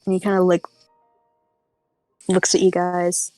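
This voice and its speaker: A woman's voice: fairly low pitch, completely flat delivery, unhurried, darkish tone, no echo, soft background music. A woman narrating as game master of a tabletop game, hesitant and full of fillers.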